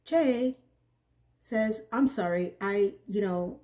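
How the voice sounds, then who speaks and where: A woman's voice: medium pitch, slow pace. Incredulous woman recapping a TV episode. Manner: animated, incredulous, acts out characters' lines. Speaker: TV recap reviewer. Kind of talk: casual recap monologue.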